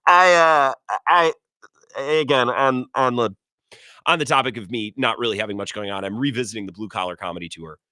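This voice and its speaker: A man hosting a sports talk radio show, giving opinionated takes in a sarcastic, animated way. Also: mid-range voice, dry recording. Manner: animated, sarcastic, quick asides.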